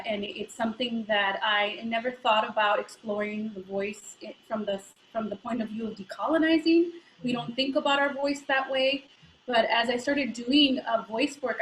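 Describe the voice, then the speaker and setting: A woman's voice: medium pitch, a bit bright, a little hiss or hum. Earnest woman on an echoey video call. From San Francisco Bay Area. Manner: earnest, reflective, with filler pauses. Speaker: guest actor and voice teacher. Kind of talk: casual live interview. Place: home, on a live video call.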